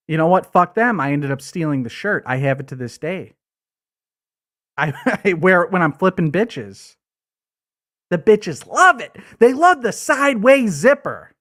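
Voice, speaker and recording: A crude, coked-up has-been commercial actor, put on by a man for a comedy livestream. He rambles and stammers through a bitter rant, dragging his words out slowly while his pitch swoops up and down wildly. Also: fairly bright tone, exaggerated voice. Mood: crude bragging. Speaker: livestream host.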